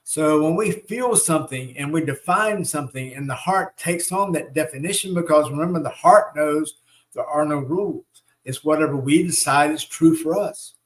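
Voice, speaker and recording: A man's voice: on the high side, moderate pace. A man hosting a live spiritual teaching. He coaxes his listeners along and checks in often with "right?" and "okay?" as he leads them through repeated affirmations. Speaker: spiritual teacher and show host.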